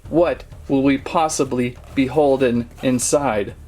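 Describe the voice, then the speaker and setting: A man's voice: mid-range voice, fairly even intonation, takes it slowly, a little mellow, soft background music. A man hosting a casual toy unboxing, talking in a playful, jokey, mock-serious way. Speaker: toy channel host.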